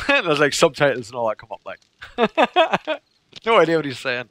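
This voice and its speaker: A man's voice: a little high, wildly swooping pitch, normal speed, fairly bright tone, no room sound. Chatty, giggly streamer guy. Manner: chatty, laughs often. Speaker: game streamer. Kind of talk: casual livestream chat with viewers.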